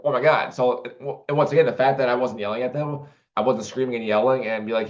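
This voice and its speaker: A man's voice: medium pitch, quick pace, few pauses. A man talking casually to the camera in a rambling way, with many restarts and fillers. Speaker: vlogger. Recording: dull lo-fi recording.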